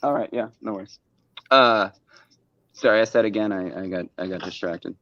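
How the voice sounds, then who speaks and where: A man's voice: lowish voice, normal speed, sharp tone, dry recording, lo-fi sound. A man speaking as a guest in a casual livestream conversation, rambling and cursing with many restarts.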